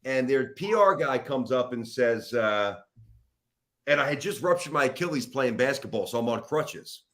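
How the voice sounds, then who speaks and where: A man's voice: mid-range voice, normal speed. A middle-aged man, a sports radio host, telling a long story as a guest in a podcast interview, rambling and poking fun at himself. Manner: animated, rambling, self-mocking storyteller.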